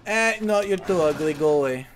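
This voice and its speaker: A man's voice: on the high side, expressive, normal speed, slight background noise. Tipsy man rambling over a video game. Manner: rambling, profane, mocking jokes. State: tipsy from drinking. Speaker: host. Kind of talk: let's-play game commentary.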